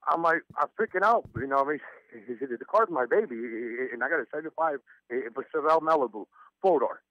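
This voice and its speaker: A man calls in over a dull, muffled phone line, his voice a little high for a man. He stammers and laughs nervously as he tells his story. The sound is close and dry. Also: animated, fairly quick, dry recording. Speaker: caller. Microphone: telephone.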